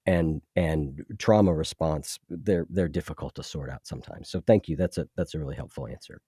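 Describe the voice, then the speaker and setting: A male podcast host with a low, mellow voice, chatting casually and thoughtfully. He often restarts his sentences. The sound is close and dry. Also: fairly quick, husky, no room sound. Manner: thoughtful, with frequent restarts and "you know". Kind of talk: casual interview chat.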